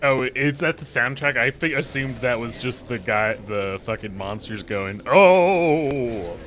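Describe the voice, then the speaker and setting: A man's voice: mid-range voice, steady tone, moderate pace, pushed and bright. A man chatting casually while playing a video game, rambling, swearing freely and trailing off mid-sentence. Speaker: gameplay commentator.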